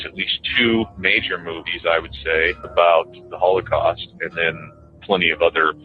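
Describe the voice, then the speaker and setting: A man delivering an emphatic, profane, repetitive radio monologue, played back as a clip. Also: low voice. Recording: tinny phone-like radio clip with faint music.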